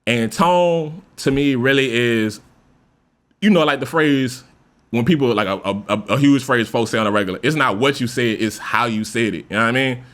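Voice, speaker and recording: A man's voice: mid-range voice, moderate pace. A man hosting a podcast, talking casually and loosely with lots of profanity, now and then acting out example voices. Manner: loose, profane, animated speaker who acts out example voices. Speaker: podcast host. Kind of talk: casual monologue.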